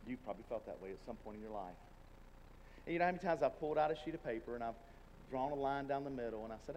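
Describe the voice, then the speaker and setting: A man's voice: mid-range voice, expressive, fast, dark tone. A man preaching a sermon as pastor, earnest and conversational, acting out the prayers of tired people. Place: church sanctuary. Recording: long hall reverb, faint room noise.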